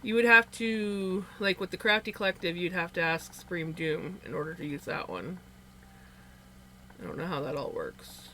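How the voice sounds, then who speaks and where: Bright-voiced Canadian woman chatting on stream. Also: on the low side, expressive, normal speed, slight background noise. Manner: chatty, laughs often, rambling restarts. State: sleepy. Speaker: livestream host. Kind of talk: casual chat reading viewer comments.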